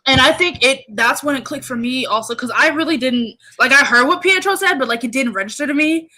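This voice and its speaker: A woman co-hosting a casual chat about a TV episode, talking fast and loose with plenty of "like" and acted-out reactions. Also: sits high, lively intonation, pushed and bright, a little hiss or hum, poor audio. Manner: chatty, lots of "like", reacting aloud. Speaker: podcast co-host.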